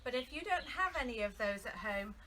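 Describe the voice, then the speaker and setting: A woman's voice: fairly high pitch, animated, fairly quick, sharp tone. A woman vicar leading a children's song time outdoors in a garden, cheerful and sing-song as she calls out to young families. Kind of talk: children's song and story session. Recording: outdoor noise with birdsong. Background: birdsong.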